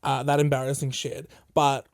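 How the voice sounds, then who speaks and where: A male podcast host telling a casual, animated story full of swearing, acting out what other people said. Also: mid-range voice, normal speed, gravelly, dry recording, clean studio sound. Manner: animated, profane, acts out quoted people.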